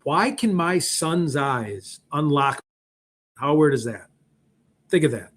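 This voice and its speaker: A man's voice: a little high, takes it slowly. A middle-aged man with a Chicago accent, rambling and joking in a casual livestream chat as host. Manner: rambling, animated, joking asides. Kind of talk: casual live-stream chat.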